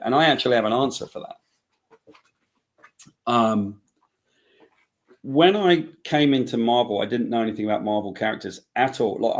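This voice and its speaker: A man with a lowish voice talks through a relaxed interview. He rambles, circles back and restarts his sentences. Now and then he acts out bits of dialogue as he tells a story. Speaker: comic book writer guest. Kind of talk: casual interview talk.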